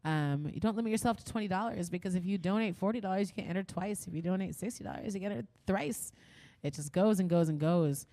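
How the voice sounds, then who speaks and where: Giggly woman host, low and dry. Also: fast talker, hardly any pauses, dark tone, no echo. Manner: giggly, gushing, casual. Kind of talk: hosting a live-streamed concert.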